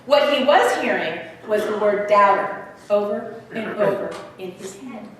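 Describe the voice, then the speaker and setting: A woman guest speaker telling a story in a sermon, animated and swinging from loud to hushed, recorded far off in an echoey theater hall. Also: medium pitch, unhurried, slight background noise. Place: theater hall at a church service.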